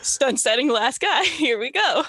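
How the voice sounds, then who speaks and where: A woman's voice: sits high, animated, unhurried, bright, forceful tone, slightly rough, dry recording. A woman playing in a tabletop role-playing game, upbeat and playful about her turn. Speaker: player. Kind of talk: casual tabletop game chat.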